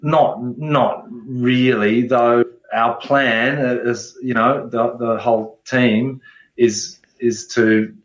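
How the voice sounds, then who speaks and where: A man, answering interview questions in a relaxed way, often restarting his sentences. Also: mid-range voice, takes it slowly. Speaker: guest ecologist. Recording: echoey, dull remote audio.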